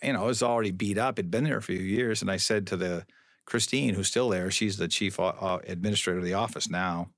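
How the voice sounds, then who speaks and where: A man's voice: low voice, quick pace, a bit bright, dry recording, clean studio sound. A middle-aged man, a police spokesman, telling a long story as a podcast guest in a wry, rambling way that keeps correcting itself. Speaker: police public information officer, guest. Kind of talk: storytelling interview.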